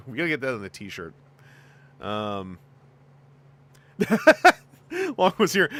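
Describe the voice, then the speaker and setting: A man hosting a casual podcast chat, talking in a chatty, lively way with plenty of fillers. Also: lowish voice, takes it slowly, long pauses. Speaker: host.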